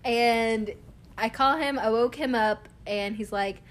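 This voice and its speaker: A woman's voice: a little high, slow pace. Chatty young woman telling a story. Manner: animated, chatty, laughs often. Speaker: vlogger. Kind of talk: casual storytelling to camera.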